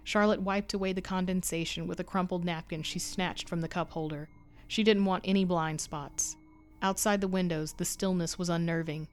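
Low-voiced woman narrating a horror story. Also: steady tone, faint music behind. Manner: measured, suspenseful storytelling. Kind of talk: scripted narration.

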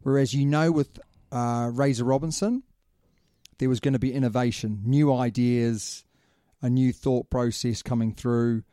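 A man co-hosting a casual sports podcast, talking fast and laughing often. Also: mid-range voice, steady tone, mellow, no echo, clean studio sound. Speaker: podcast co-host.

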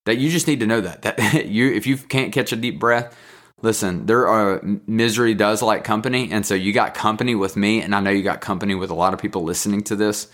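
A man's voice: fairly low pitch, brisk, a bit bright. A man with a North Carolina accent hosting a podcast in casual solo talk, earnest, encouraging and openly emotional. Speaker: podcast host.

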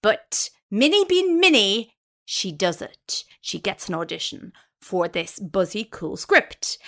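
Podcast lady telling a story, high voice, swoops up and down, lots of "like". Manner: animated, chatty, many fillers. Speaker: podcast co-host. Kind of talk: storytelling chat.

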